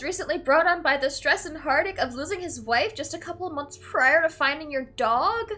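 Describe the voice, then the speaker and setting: A young woman streaming a game reads its text aloud in a high, sharp voice. Her reactions swing from flat and matter-of-fact to teary, with a lot of "like" and "literally" in her talk. Soft music plays quietly under her. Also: a little fast, few pauses. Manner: uses "like" and "literally" often. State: tearful at times. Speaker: let's play streamer.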